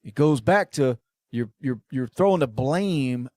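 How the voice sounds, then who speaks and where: A man's voice: medium pitch, animated, unhurried, dry recording, studio quality. Rambling, profane man in casual talk. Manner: rambling, profane, trails off quietly at phrase ends. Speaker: podcast co-host. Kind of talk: casual chat.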